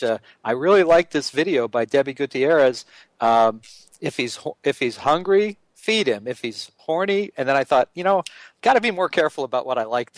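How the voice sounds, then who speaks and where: A man's voice: mid-range voice, no room sound. A man hosting an interview in a chatty, jokey way. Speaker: podcast interview host.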